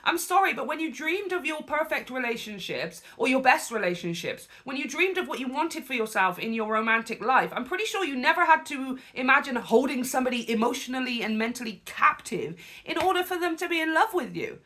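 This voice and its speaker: Bright-voiced woman giving reaction commentary. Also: sits high, fairly quick, hardly any pauses. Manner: conversational, animated, preachy asides. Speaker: spiritual coach and host.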